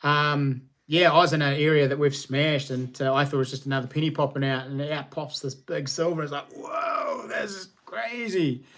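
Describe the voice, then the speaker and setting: A man's voice: on the high side, flat delivery, brisk, hardly any pauses, fairly bright tone. A man in his thirties with a New Zealand accent, hosting a casual home livestream, upbeat and chatty with his viewers. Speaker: livestream host. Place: small lounge nook at home.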